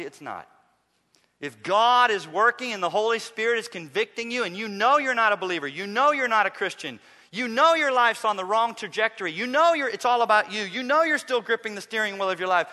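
A man preaching a sermon as pastor, swinging from quiet pleading to loud emphatic bursts. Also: high-pitched, long reverb tail. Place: church sanctuary.

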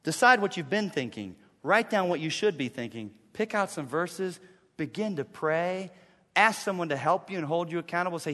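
A middle-aged male pastor preaches in a conversational way, often voicing his own inner thoughts. His voice sits high and bright. The sound carries a long reverb from a large church hall. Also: moderate pace. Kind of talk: sermon.

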